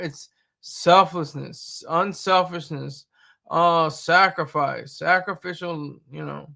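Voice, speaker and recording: A man in his thirties with a gravelly, bright edge to his fairly high voice. He hosts a casual live stream and rambles bluntly through his opinions. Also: takes it slowly. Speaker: streamer host.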